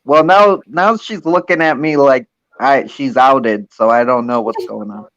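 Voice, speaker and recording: A man's voice: mid-range voice, a little slow, a bit bright, dry recording, lo-fi sound. A laid-back man chatting casually as a co-host, mostly giving short, agreeing replies. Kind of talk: casual chat.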